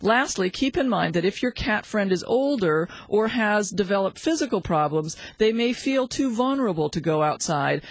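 An animated woman reads seasonal pet-care tips in a scripted segment, her pitch rising and falling with a lot of movement. She sounds upbeat and playful, with a cheerful chatty delivery. The recording is dry and close. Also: dry recording, low-quality recording. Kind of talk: scripted radio tip segment.

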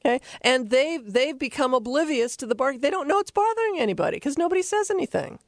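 A woman hosting a radio talk show, giving animated, rambling dog behavior advice from a studio. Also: high-pitched, quick pace, no echo.

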